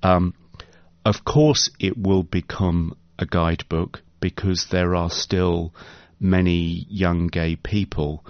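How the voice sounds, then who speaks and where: A man's voice: low voice, steady tone, slow, no room sound. A male author being interviewed on the radio, speaking thoughtfully and articulately with some fillers and restarts. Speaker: author guest. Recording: dull lo-fi radio broadcast.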